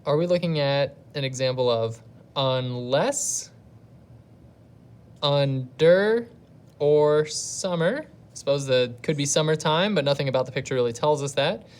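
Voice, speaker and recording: A woman's voice: deep voice, animated, a little slow, darkish tone. Patient woman teaching an online lesson. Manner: patient, thinks aloud step by step. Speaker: elementary school teacher. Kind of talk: recorded video lesson for pupils at home.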